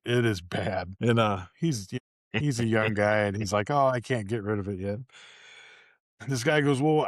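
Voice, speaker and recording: Podcast guy telling stories, quotes people in funny voices, dry mic, middle pitch. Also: dry recording. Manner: storytelling, swears, acts out quotes. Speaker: podcast co-host. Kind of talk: casual banter.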